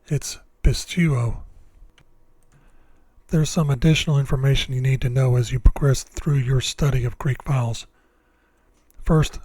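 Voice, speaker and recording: Man, scripted lesson narration, measured and deliberate, mid-pitched voice, dry close sound. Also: a little mellow, dry recording. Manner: slow, deliberate, measured explanations. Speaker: Bible language teacher.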